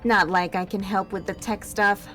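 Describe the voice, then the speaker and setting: A woman's voice: medium pitch, steady tone, moderate pace, fairly bright tone, faint music behind. A woman reading a first-person audio drama script aloud, stumbling and correcting herself with laughing asides.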